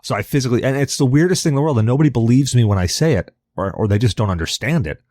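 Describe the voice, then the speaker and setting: A man's voice: mid-range voice, lively intonation, rapid-fire, darkish tone, no room sound, clean studio sound. A man co-hosting a podcast in rambling, casual chat, swearing now and then, from the New York area. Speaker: podcast co-host.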